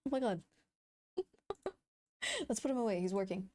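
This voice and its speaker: Excitable high-voiced woman streamer. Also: measured pace, a little hiss or hum. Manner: excitable, laughs a lot, swears. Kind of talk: casual live stream chat.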